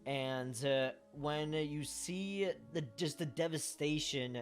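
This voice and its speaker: A man's voice: fairly high pitch, slow pace, music in the background. Rambling, emotional male fan. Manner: rambling and emotional, lots of fillers and swearing. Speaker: fan sharing memories. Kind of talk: casual monologue vlog.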